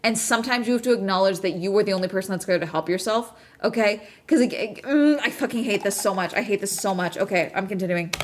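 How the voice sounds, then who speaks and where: Woman streamer, mid-pitched, stressed and profane, urgent reaction chat. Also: quick pace, hardly any pauses. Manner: anxious, swearing, urgent pleading.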